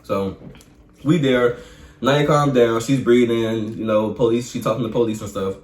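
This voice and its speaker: A young man joining a vlog as co-host, telling a story in a relaxed, slangy way with laughs. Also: mid-range voice, moderate pace. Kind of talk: casual storytelling. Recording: echoey room with faint hum.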